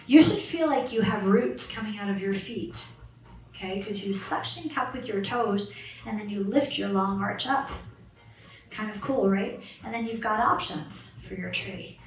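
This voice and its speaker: A woman's voice: mid-range voice, a little slow. A woman fitness instructor leading a guided balance and stretching class, cueing moves and counting reps in an encouraging way. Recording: roomy, far from the mic, faint background hiss.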